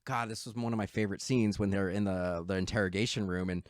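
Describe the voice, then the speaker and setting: A man's voice: fairly low pitch, steady tone, fast, no echo, clean studio sound. A man co-hosting a podcast, chatting casually and enthusiastically about a film, swearing freely and acting out lines from it. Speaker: podcast co-host.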